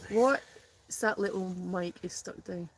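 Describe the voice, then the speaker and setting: A woman's voice: mid-range voice, slow pace, a little hiss or hum. A woman chatting casually in a smoky tent on a live stream, reading out comments and laughing often. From Scotland. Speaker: guest, host's sister.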